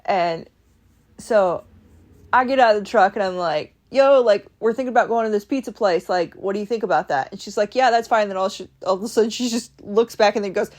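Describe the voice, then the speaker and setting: A woman's voice: medium pitch, a little fast. A woman from Ohio casually telling a story from her week, animatedly acting out what people said. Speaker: vlogger.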